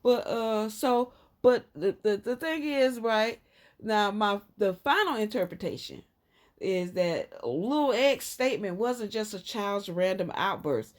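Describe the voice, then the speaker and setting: A woman with a Southern US accent talks through a tarot reading in an unhurried, drawn-out way. Her voice sits in an ordinary middle range, but she keeps jumping sharply higher and louder to hammer a point home, then settles back. The delivery is loose, emphatic and rambling. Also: lively intonation. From Southern United States. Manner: emphatic, rambling, frequent sudden jumps up in pitch and loudness. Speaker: tarot reader. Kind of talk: casual tarot reading commentary.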